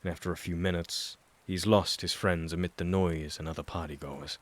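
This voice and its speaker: A man narrating an audiobook, reading a chapter of fan fiction in a steady, even storytelling manner. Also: low-pitched, moderate pace.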